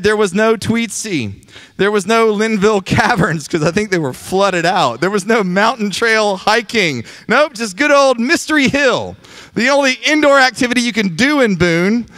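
A man's voice: sits high, a bit bright. A man pastor, preaching a chatty, joking sermon to his congregation in a church. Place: church sanctuary.

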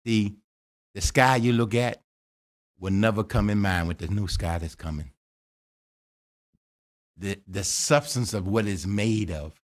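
A man preaching a sermon in a lively, joking way, with quick asides and calls to the congregation. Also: on the low side. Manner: lively preaching with jokes and laughter. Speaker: pastor.

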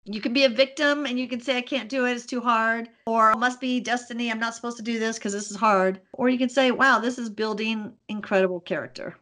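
A middle-aged woman talks in a relaxed podcast interview. She tells her stories with animation, often laughing and acting out her own thoughts. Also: a little high, a little fast, few pauses. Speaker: podcast guest, business owner. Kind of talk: casual interview.

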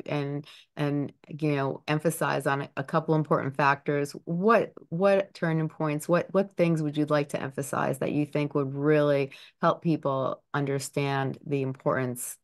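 Gravelly-voiced podcast host, encouraging. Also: medium pitch, moderate pace, few pauses. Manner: agreeable, encouraging, frequent short affirmations. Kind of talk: casual interview talk.

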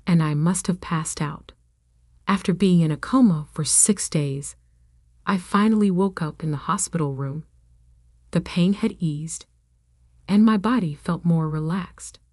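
A woman reading a first-person story in a calm, even-toned scripted narration. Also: lowish voice, no room sound, clean studio sound.

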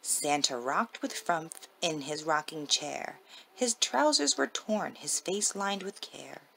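A mother reading a rhyming children's picture book aloud in a slow, sing-song manner. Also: low-pitched, expressive, creaky, bright, forceful tone, a little hiss or hum, rough recording.

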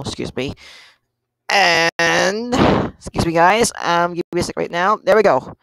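A woman giving casual gameplay commentary, excitable, yelping and exclaiming at the game with lots of slang. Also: fairly low pitch, unhurried, no room sound, soft background music, low-quality recording. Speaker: gameplay streamer.

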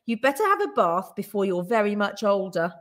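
A woman voicing a brisk, fierce-seeming older housekeeper in a storybook reading. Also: mid-range voice, sing-song, lightly acted.

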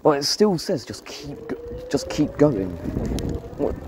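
A man's voice: a little high, big pitch swings, unhurried, background noise. Exasperated man ranting while cycling. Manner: exasperated, ranting at sat-nav, swearing. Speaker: vlogger. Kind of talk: casual running commentary while cycling. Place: outdoors on an electric bike along paths and roads. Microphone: bike-mounted camera.

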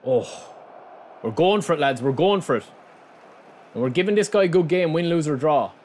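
A man with an excitable manner, commentating live on his own football video game and talking straight to his viewers. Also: on the high side, normal speed, slight background noise. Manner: excitable, shouts and groans at the play, addresses viewers as lads. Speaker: gaming channel host.

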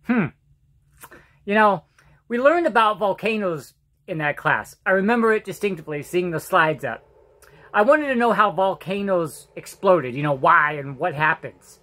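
A middle-aged man telling joking stories about himself in a casual vlog monologue, halting and restarting, and laughing at his own jokes. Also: high-pitched, lively intonation, sharp tone. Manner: halting, with restarts and repeated words. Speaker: vlogger.

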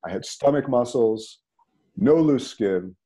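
A man, a podcast guest telling a personal story in a conversational, animated way. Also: mid-range voice, slow pace, slightly rough. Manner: animated, rises sharply when emphatic.

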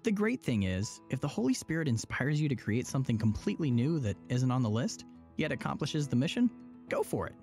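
A man's voice: mid-range voice, big pitch swings, fairly quick, a little mellow, soft background music. Upbeat man in a scripted church explainer. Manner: upbeat, persuasive. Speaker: church promo presenter.

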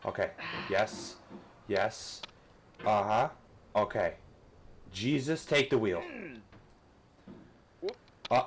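A man commentating a rage-inducing game, swearing constantly and switching between frustrated outbursts and coaching himself to calm down. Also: lowish voice. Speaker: gamer. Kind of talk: let's play commentary.

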